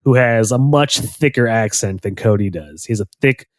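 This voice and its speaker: A man co-hosting a podcast in casual chat, an animated storyteller who laughs often. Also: lowish voice, a little fast. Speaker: podcast co-host. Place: Los Angeles.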